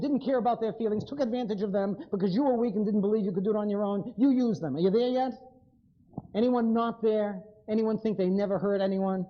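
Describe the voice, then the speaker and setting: A man's voice: sits high, dull audio. A man giving a live lecture, blunt and wry, speaking straight to his audience.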